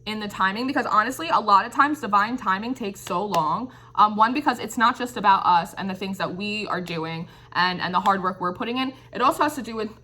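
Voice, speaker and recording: A woman's voice: mid-range voice, brisk, hardly any pauses, sharp tone. A woman giving an intuitive tarot reading. She muses and searches for words, often checks in with "right?", and speaks in an encouraging, affirming way. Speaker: tarot reader.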